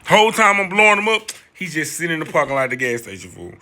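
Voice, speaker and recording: A young man spins a chaotic storytime in loose, slangy talk, leaping high when he acts out other voices. His tone is sharp and forceful, pitched a little above the usual. He keeps the story rolling with quick asides to his listeners. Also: a little hiss or hum. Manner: excitable, slangy, reenacts voices with big pitch jumps. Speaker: storyteller vlogger. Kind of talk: animated storytime monologue.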